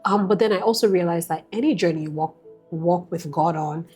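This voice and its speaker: A woman sharing a personal faith testimony as a guest, telling it in an emphatic, lively way. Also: on the low side, fairly quick, breathy edge, faint music behind.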